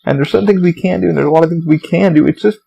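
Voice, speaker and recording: Rapid-fire and a little high, this young man's voice is creaky, mellow, and slightly rough, heard on a rough recording. Hosting his solo podcast, he curses freely, leans on fillers, rambles through stories, and acts out others by raising his voice.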